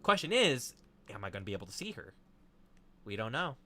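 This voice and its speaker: Young male streamer, animated and bright-toned, excitable, swears freely, casual chat with viewers. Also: fairly low pitch, fairly quick, faint music behind. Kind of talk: casual live-stream chat while drawing.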